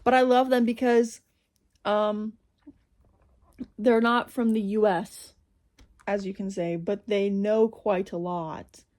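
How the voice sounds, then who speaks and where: A woman's voice: medium pitch, steady tone, slow pace, pauses often, darkish tone. A young woman chatting casually to her camera in a reading vlog, rambling and interrupting herself as she goes. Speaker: reading vlogger.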